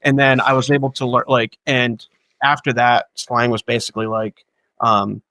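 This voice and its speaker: A man's voice: mid-range voice, flat delivery, sharp tone, no echo. A man telling stories from making his films in casual, profane talk, acting out the people he quotes. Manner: fast, profane, acts out quotes of others. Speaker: guest filmmaker. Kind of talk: casual anecdotal storytelling.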